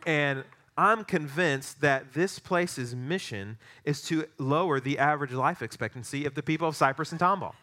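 A middle-aged pastor delivers a sermon, moving from prayer into a playful anecdote. His voice is bright and forward. His energy climbs into excited peaks as the story builds. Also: on the high side, normal speed, hardly any pauses.

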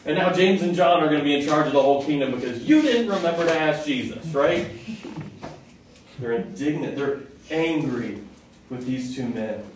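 A man's voice: on the high side, expressive, normal speed, a crowd in the background. A male preacher giving a conversational Bible teaching, often asking the audience questions. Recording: echoey hall from far off, faint noise.

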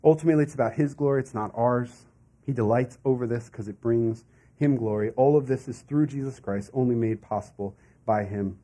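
A man's voice: medium pitch, a little fast, dark tone. A man preaching a sermon as a pastor in a conversational way, with asides and laughs.

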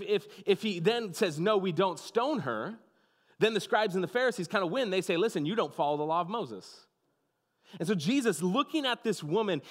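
A pastor giving a sermon, telling the story with dramatic pauses and dropping to a hushed, soft voice. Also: male voice, fairly high pitch, in a large hall.

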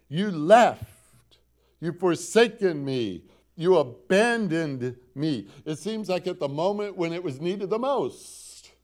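Slightly high and a little mellow, this man's voice delivers a dramatic sermon. As pastor, he builds scripture quotes to rising emphasis, using repetition and asking the congregation rhetorical questions.

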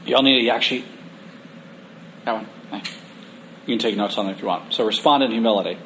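Man, preacher, sermon, conversational, humorous, emphatic slowdowns, faint background ambience. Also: lowish voice, fairly bright tone, a little hiss or hum.

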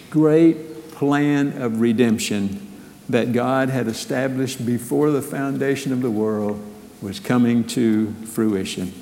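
A man preaches in earnest, measured phrases, leaning on rhetorical questions. His voice is mellow and unhurried. Long reverb from a church sanctuary trails every line. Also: medium pitch. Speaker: pastor. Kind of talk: sermon.

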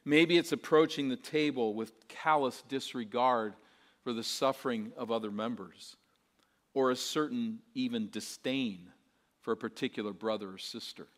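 A man delivering a sermon as pastor, his voice pitched in the middle range. He preaches earnestly, with rhetorical questions and repetition. His delivery moves between hushed, soft passages and fuller, emphatic ones. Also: moderate pace.

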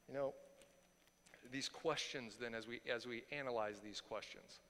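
A man's voice: mid-range voice, moderate pace, in a large hall. A man preaching a sermon as pastor, talking casually with fillers and acting out the voices of others. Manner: animated, acts out quoted voices, casual fillers.

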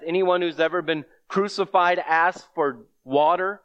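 A man's voice: fairly high pitch, measured pace, dry recording, dull audio. A man preaching a sermon with earnest delivery, reading scripture aloud to his congregation.

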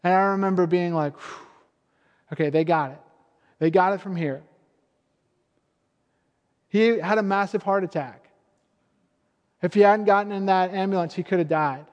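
A man's voice: sits high, normal speed, pauses often, muffled recording. A man, a pastor, giving a sermon with earnest, conversational storytelling. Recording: long hall reverb.

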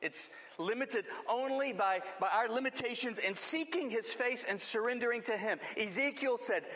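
A man's voice: high voice, normal speed, hardly any pauses, a bit bright, big-room sound. A man preaching a sermon as pastor, with impassioned, rising emphasis.

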